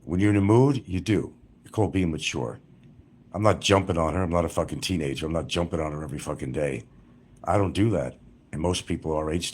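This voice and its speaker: A man's voice: extremely low pitch, slight background noise. A middle-aged man livestreaming, telling rambling, crude and profane stories about his past.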